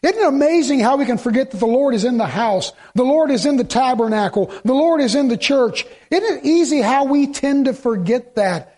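High-voiced preacher man. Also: lively intonation, brisk, few pauses, a little mellow. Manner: preaching with rhetorical questions and sarcasm. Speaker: pastor. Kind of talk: sermon. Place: church.

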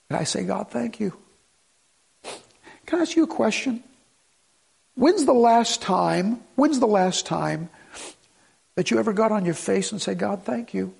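A middle-aged man preaching a sermon as pastor, moving from hushed prayerful lines to urgent appeals. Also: high voice, gravelly, husky.

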